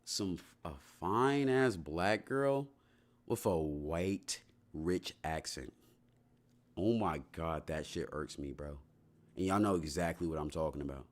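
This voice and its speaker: A man's voice: sits low, slow. A young man chatting casually on a livestream, answering his chat in a loose, slangy, rambling way full of restarts.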